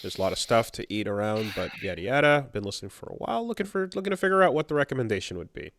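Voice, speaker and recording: A man's voice: mid-range voice, racing, no echo, clean studio sound. A man co-hosting a podcast, reading listener emails aloud and chatting casually. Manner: relaxed, reads letters aloud. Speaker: podcast co-host.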